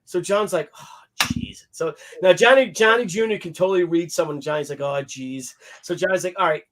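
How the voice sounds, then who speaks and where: High-voiced man telling a wild story. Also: fast talker. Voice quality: animated, acts out quotes in other voices. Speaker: podcast guest telling an anecdote. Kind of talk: casual storytelling, profane. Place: hotel stories; recorded on a video call show.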